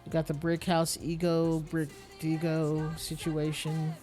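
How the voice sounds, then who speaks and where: A game streamer murmuring wry, casual commentary while playing. The voice stays at a middle pitch, with faint game music underneath. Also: completely flat delivery, unhurried. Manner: quiet, wry, reads item names aloud.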